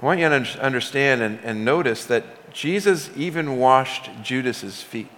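Relaxed and conversational, this pastor's sermon stresses key words heavily. His mid-range voice moves at a normal speed and echoes with the long reverb of a big sanctuary.

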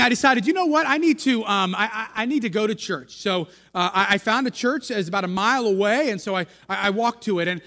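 A man's voice: high voice, sharp tone. A male pastor from the United States telling a chatty, self-deprecating story in a sermon, full of restarts and asides to the congregation. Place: church sanctuary. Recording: long hall reverb.

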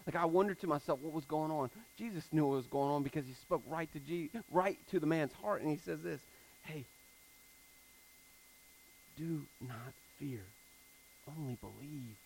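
A man preaching a conversational sermon, moving between hushed scripture reading and emphatic retelling. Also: on the high side, a little fast, gravelly, slight background noise, poor audio. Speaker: pastor.

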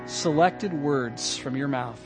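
A man's voice: medium pitch, slow pace, over loud music. A man preaching a sermon as pastor, speaking earnestly and directly to his congregation, repeating key phrases for emphasis. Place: church service.

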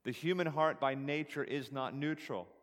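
A man's voice: mid-range voice, normal speed, fairly bright tone, long reverb tail. A man preaching a sermon as pastor, earnest and emphatic, rising on scripture and repeating key phrases to drive them home. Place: church sanctuary.

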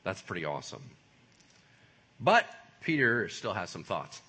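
A man preaching a sermon in a lively, conversational way, full of casual slang. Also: sits low, measured pace, long pauses, slightly rough. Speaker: pastor.

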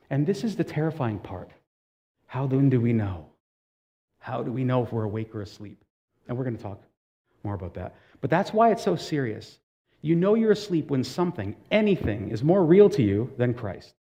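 Mellow-voiced male pastor preaching. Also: mid-range voice. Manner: conversational, with direct questions to the congregation; storytelling with casual asides. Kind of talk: sermon.

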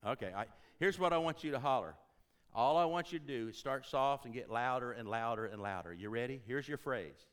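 A man's voice: medium pitch, expressive, fairly quick, fairly bright tone, smooth. A man from Tennessee speaking in a church as an interim ministry consultant, folksy and joking, repeating phrases for emphasis. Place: church sanctuary.

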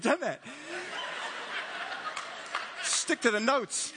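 A man preaching a sermon, telling the story in an animated way with playful asides and voiced characters. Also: high-pitched, normal speed, long reverb tail, background noise. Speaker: pastor.

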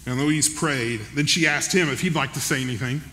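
Bright-voiced preacher telling a story. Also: male voice, medium pitch, a little fast, slight background noise. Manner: folksy, conversational, checks in with the audience. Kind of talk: sermon storytelling. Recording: long reverb in a large hall.

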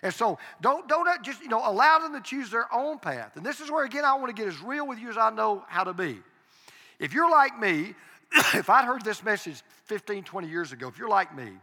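A man's voice: on the high side, sharp tone. Earnest older man preaching in a reverberant hall. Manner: earnest, confessional storytelling with emphatic repetition. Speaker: pastor. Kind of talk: sermon. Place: church sanctuary.

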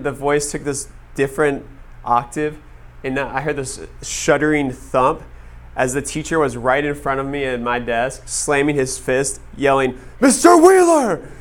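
A man telling a story to an audience in a casual, animated way, full of "like" fillers. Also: medium pitch. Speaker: speaker addressing an audience. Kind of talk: storytelling talk to a live audience.

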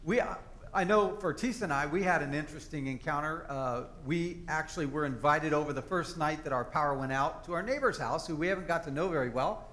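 During a church service, a pastor with a fairly high, fairly bright voice preaches to his congregation. His sermon feels conversational, told in a folksy storytelling manner.

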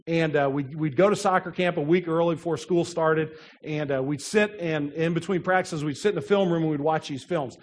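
A middle-aged man preaching a sermon, slow and emphatic, letting phrase endings drop soft. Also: a little high. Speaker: pastor.

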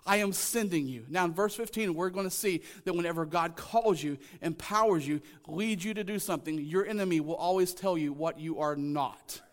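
A man's voice: fairly high pitch, moderate pace, hardly any pauses. A male pastor preaching a sermon, emphatic and repeating his key lines to the congregation.

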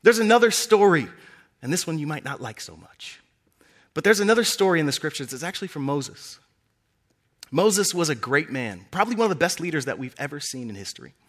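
A young man preaching a sermon, telling scripture stories with animated delivery and acting out the characters' lines. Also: brisk. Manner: animated storytelling, acting out characters with big pitch swings.

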